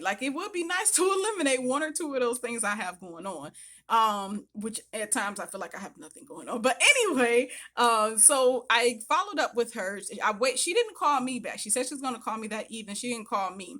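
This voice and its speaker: A woman vlogger chatting casually to camera, retelling her experience in an animated, chatty way and acting out what others said. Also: fairly high pitch, fast talker.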